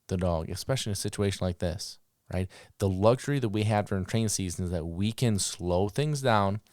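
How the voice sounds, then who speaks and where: A man's voice: low voice, no room sound, clean studio sound. A man hosting a podcast, casually telling dog-training stories and acting out the commands he called out. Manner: animated, acts out commands and reactions.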